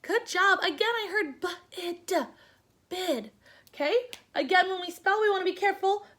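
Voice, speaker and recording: A young woman teacher giving a phonics lesson to children, sounding words out slowly part by part and encouraging them. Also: very high voice, lively intonation, bright, forceful tone. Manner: slow, sounding out word parts, encouraging.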